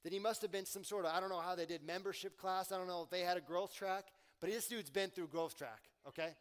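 A man with a fairly high voice preaches a sermon to his church. He talks in a casual, slangy way, pushing loud and emphatic on his questions and dropping to quiet asides. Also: steady tone, fast, clean tone. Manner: conversational preaching with slang and swings in volume. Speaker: pastor.

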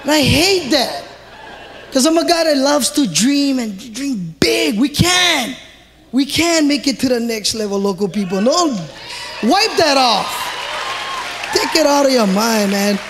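A man with a Hawaiian Pidgin-tinged accent doing loud, animated live stand-up in a large theatre. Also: very high voice, unhurried, in a large hall, some chatter behind. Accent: Hawaiian Pidgin-tinged English. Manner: loud, animated, shouting punchlines. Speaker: stand-up comedian. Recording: live theatre recording with audience noise.

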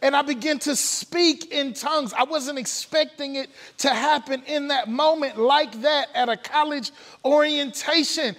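A man's voice: very high voice, a bit bright, long reverb tail. A man preaching a testimony sermon, telling his story earnestly with frequent filler sounds. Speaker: pastor. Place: church sanctuary.

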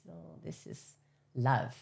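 A woman, an actress as guest, talking openly in an interview, often pausing and repeating words. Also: low voice, animated, vocal fry, a little mellow, husky. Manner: halting, repeats words, breaks into song snippets. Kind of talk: candid interview chat.

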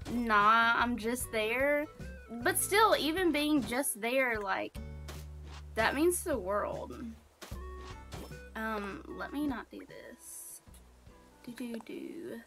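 Chatty Alabama woman with a bright voice. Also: a little high. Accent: Southern American (Alabama). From Alabama, USA. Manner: chatty, reads chat aloud, many ums and likes. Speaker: streamer. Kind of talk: casual gameplay livestream chat.

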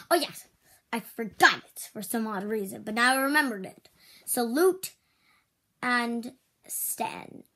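Bossy lil karate teacher toy, a woman doing it, bright voice, yells drills then whispers. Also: mid-range voice, full character voice. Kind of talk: make-believe play with stuffed toys.

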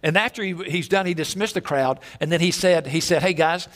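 Animated, high-voiced male pastor preaching. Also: brisk. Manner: animated storytelling with many repeats and restarts. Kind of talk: sermon. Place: church sanctuary.

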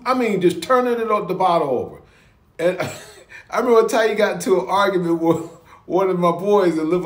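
A man with a high, swooping voice gives casual reaction commentary, drifting into stories and chuckling as he goes. The sound bounces around a roomy space. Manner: chuckling storyteller, animated. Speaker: reaction video host. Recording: roomy echo.

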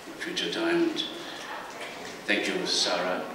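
A very deep-voiced man gives a halting opening speech, stopping often to search for words. He is heard from far off in a huge echoing hall with long reverb, and a loud noise floor sits under his voice. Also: huge pitch swings. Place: large ceremonial big house.

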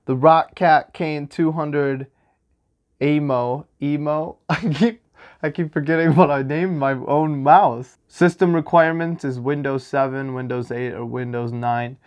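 A man's voice: on the high side, unhurried. A young man hosting a casual unboxing vlog, joking and self-mocking as he talks. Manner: jokey, animated, self-mocking. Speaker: vlogger.

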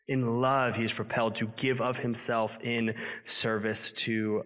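A man's voice: mid-range voice, steady tone, normal speed, few pauses, a bit bright. A male pastor giving a sermon in a conversational, earnest way, with self-deprecating asides, in a church sanctuary. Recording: long hall reverb.

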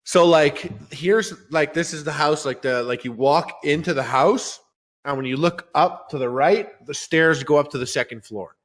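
A young man co-hosting a podcast, telling crude stories and ranting loudly with lots of swearing. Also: on the high side, moderate pace. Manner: loud, rowdy, profane rants and storytelling. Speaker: podcast co-host. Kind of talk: crude casual podcast banter.

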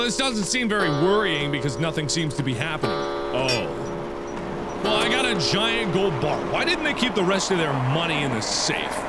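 A young man giving let's-play game commentary, swinging from muttered asides to panicked yelling. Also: on the high side. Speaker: gaming video host.

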